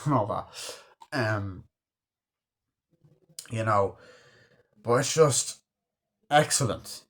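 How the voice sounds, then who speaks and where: A man's voice: medium pitch, unhurried, pauses often, fairly bright tone. A man giving a casual movie review, rambling with lots of swearing and acting out scenes he loves. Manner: rambling, swears a lot, acts out quoted scenes.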